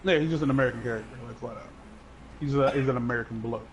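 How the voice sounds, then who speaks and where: A man's voice: medium pitch, racing, crowd noise, poor audio. A man co-hosting a casual chat, rambling and joking with many fillers. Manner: rambling, filler-heavy, jokey. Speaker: podcast co-host.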